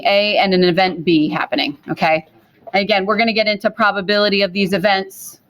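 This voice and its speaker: A woman teaching a math class, speaking to her students, who repeats key points and keeps checking in with questions. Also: medium pitch. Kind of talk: classroom lecture.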